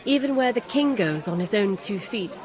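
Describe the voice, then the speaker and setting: A woman's voice: medium pitch, expressive, normal speed, a crowd in the background, lightly acted. An actress playing a pious medieval noblewoman, speaking in a dry, curt manner. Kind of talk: video game voice acting.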